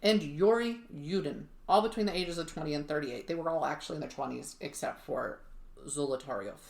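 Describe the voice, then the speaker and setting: A woman's voice: low voice, brisk, vocal fry, a little mellow, roomy sound. A woman co-hosting a podcast, telling a true mystery story in a chatty way with wry asides. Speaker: podcast co-host.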